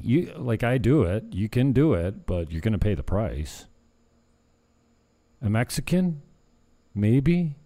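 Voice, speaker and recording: In this meandering vlog, a man chats to his viewers slowly and with frequent pauses. His voice is lowish and dark with big pitch swings, and he tends to break off mid-thought, chuckling at his own asides.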